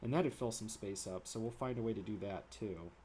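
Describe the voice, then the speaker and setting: A man's voice: lowish voice, fairly quick, dark tone, a little hiss or hum. A man livestreaming as he draws at his desk, chatting casually and rambling between jokes. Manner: rambling, playful, sings silly made-up ditties. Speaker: artist streaming his drawing. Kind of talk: casual livestream chat while drawing. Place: home studio at a drawing desk.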